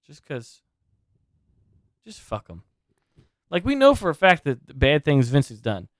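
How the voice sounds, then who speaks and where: A man's voice: on the high side, wildly swooping pitch, unhurried, no echo, clean studio sound. A man co-hosting a podcast in casual chat, rambling and swearing freely as he rants. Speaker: podcast co-host.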